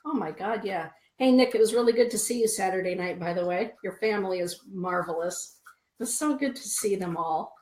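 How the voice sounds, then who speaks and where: A middle-aged woman hosts a spiritual live stream, soothingly reading viewer comments aloud and drawing oracle cards, repeating her phrases as she goes. Her voice is medium-pitched, a little fast and a little mellow, recorded in an echoey room.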